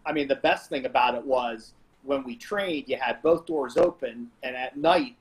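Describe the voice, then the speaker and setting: A man, a jiu-jitsu black belt guest on a podcast, casually telling animated stories from his early training. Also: mid-range voice, normal speed, low-quality recording. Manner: animated, laughing reminiscence. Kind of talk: casual storytelling.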